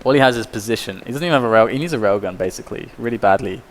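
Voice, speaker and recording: A man casting a live esports match, excitable and loud at big plays. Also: on the low side, rapid-fire. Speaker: esports caster. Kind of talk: live game commentary.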